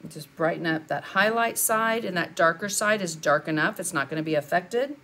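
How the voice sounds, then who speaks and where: A woman's voice: lowish voice, normal speed, sharp tone. An older woman, chatting through a live painting lesson and answering viewers as she works. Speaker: art instructor.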